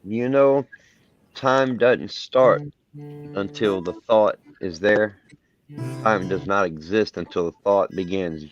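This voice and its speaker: A man's voice: fairly low pitch, slow pace, faint music behind. A man on a panel musing philosophically, stammering and repeating words. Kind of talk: casual chat. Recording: dull, dry stream audio.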